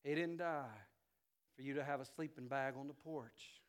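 A male pastor preaching a sermon to his church, swinging from loud, emphatic climaxes down to quiet, intimate passages. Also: medium pitch, normal speed, clear, resonant tone. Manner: rises to loud emphatic preaching, then drops soft.

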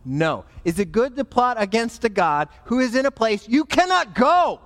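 A man, a pastor, preaching a sermon in an animated, emphatic way. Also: very high voice, moderate pace, in a large hall.

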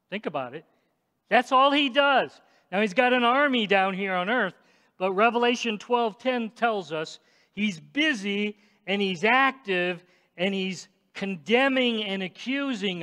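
A male pastor delivers a sermon in a fairly high voice, taking his time. He talks straight to his listeners and rises to shouts at times. A long reverb rings through the large church hall. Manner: emphatic, addresses the congregation directly, rises to shouts.

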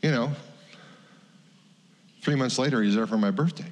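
Low-voiced middle-aged pastor preaching. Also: male voice, lively intonation, slow, pauses often, a little hiss or hum. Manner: candid, confessional, acts out quotes. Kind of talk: sermon storytelling. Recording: long hall reverb.

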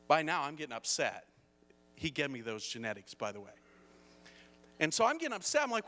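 A man's voice: on the high side, very animated, moderate pace, pauses often, sharp tone. A middle-aged man preaching a sermon as pastor, telling a personal story and building to emphatic points. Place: church hall. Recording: long hall reverb.

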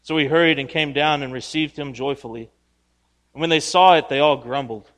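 A man's voice: a little high, a little fast, fairly bright tone. A man preaching a sermon in a conversational way, asking the congregation questions and acting out the voices of the people in the story. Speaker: pastor. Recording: reverberant hall.

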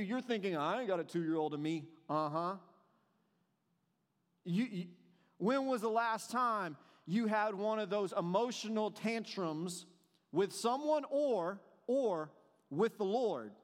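A man preaching a sermon, moving between soft, drawn-out passages and emphatic, animated questions. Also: sits high, long reverb tail. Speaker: pastor.

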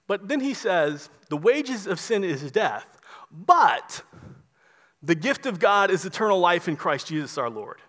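High-voiced preacher in a reverberant hall. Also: male voice. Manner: emphatic preaching, repeats phrases, drops soft on key words. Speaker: pastor. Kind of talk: sermon.

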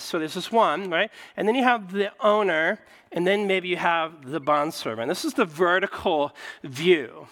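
Animated high-voiced male preacher in a hall. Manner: animated preaching with frequent "right?" asides. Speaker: pastor. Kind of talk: sermon.

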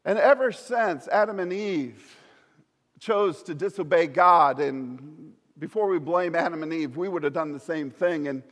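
A man preaching a sermon as a pastor, swinging from loud pleading to hushed storytelling. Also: fairly high pitch, a little slow, long reverb tail.

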